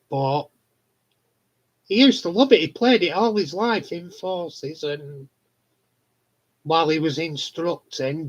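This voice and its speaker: A man telling stories in a relaxed, unhurried way, his voice a touch high for a man. He swears freely and laughs often. The recording sounds dull and lo-fi. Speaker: live stream host. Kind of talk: casual chat.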